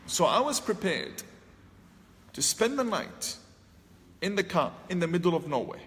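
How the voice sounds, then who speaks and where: A man's voice: sits high, unhurried, long pauses. Man telling a story in a reverberant hall. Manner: animated, acts out his own past lines with raised voice. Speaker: speaker telling a personal story. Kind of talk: storytelling talk. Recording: long hall reverb, faint ambient noise.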